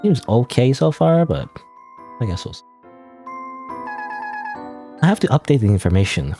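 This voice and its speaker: A man's voice: medium pitch, very animated, normal speed, over music. A young man streaming a story game, casually commenting, reading dialogue aloud and rambling with frequent self-interruptions.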